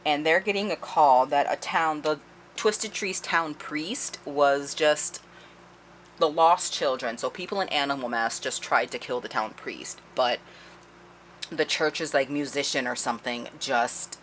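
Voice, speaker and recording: Brief: a woman book reviewer with a low voice, animated and swearing freely, in a casual vlog. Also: a little hiss or hum. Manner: animated, profane, heavy use of "like".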